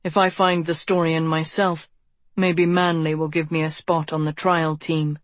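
A confident young prince with a breezy, teasing way of talking, voiced by a woman narrator. His lines are calm, low and slow, recorded dry and close. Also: dry recording. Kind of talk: audiobook character voice.

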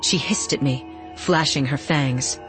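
A woman reading a first-person novel aloud in a steady, even storytelling voice. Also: low voice, measured pace, over music. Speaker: audiobook narrator.

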